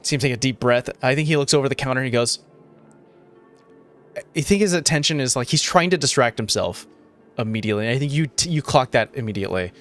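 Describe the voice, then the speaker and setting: A man narrating a tabletop game as game master, relaxed and laid back, with many filler sounds. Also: mid-range voice, fast talker, faint music behind.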